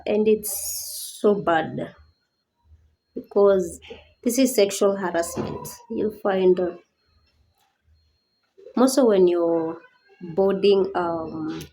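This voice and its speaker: A woman's voice: on the low side, dark tone, poor audio. A woman giving a personal awareness talk as a disability advocate, earnest and pleading, rising to indignant questions.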